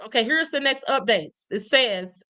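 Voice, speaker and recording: A woman's voice: a little high, expressive, moderate pace, bright, forceful tone. A middle-aged woman hosting a live stream, talking casually to her viewers, calling them y'all and tagging lines with "okay?". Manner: chatty, addresses viewers as y'all, frequent "okay?". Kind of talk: live-stream commentary reading chat.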